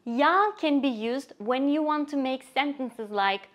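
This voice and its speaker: A woman teaching a language lesson in a scripted, expressive way, acting out short example phrases. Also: high-pitched, a little slow, few pauses. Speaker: Turkish teacher.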